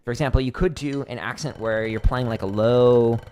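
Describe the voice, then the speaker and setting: A man's voice: mid-range voice, a little fast, a little mellow, a little hiss or hum. A man hosting a casual livestream drum lesson, explaining technique as he demonstrates, with frequent "like" fillers.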